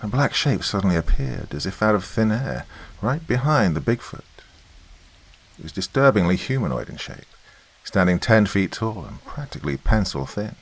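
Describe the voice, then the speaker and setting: A man narrating a horror story in a measured, deliberate way. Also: fairly low pitch, sing-song, husky.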